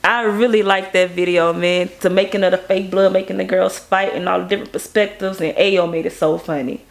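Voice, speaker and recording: Woman, gravelly voice at an ordinary pitch, lively casual interview storyteller. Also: a little fast. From Baton Rouge, Louisiana. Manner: animated, acts out quoted people in a higher voice. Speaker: music video director.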